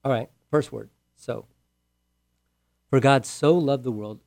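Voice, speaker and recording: A man preaching a sermon with emphasis, repeating key words and moving between loud and hushed delivery. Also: mid-range voice, takes it slowly, creaky, no room sound. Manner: asks the listeners direct questions.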